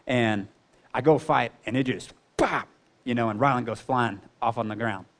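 A man's voice: medium pitch, normal speed. A man in his thirties sharing a personal testimony, earnest and conversational, leaning on "you know" as he talks.

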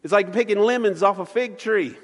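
Brief: high-voiced male pastor, folksy sermon with acted-out voices, church hall reverb. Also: a little fast. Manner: folksy preaching, acts out voices in stories. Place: church sanctuary.

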